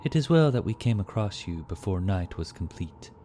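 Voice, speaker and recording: A man voicing a cold, terse male warden who speaks in clipped, forceful lines. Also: deep voice, very animated, moderate pace, slight background noise, voice pushed up.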